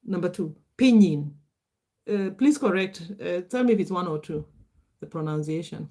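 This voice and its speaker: A woman's voice: on the low side, expressive, normal speed, darkish tone. A middle-aged Kenyan woman whose first language is Swahili, hosting a casual livestream, chatting, laughing often and answering viewer comments aloud. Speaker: livestream host.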